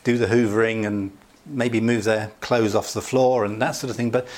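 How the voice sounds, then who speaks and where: A man's voice: fairly low pitch, fairly even intonation, moderate pace, darkish tone. A middle-aged man preaching a conversational sermon, chatty and jovial, often chuckling and filling his talk with asides. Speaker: pastor.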